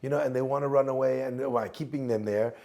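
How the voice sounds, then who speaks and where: A man's voice: medium pitch, steady tone, quick pace, dark tone. A male rabbi, a guest in the conversation, telling reflective stories and weaving in Hebrew phrases. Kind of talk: casual conversation, reflective teaching.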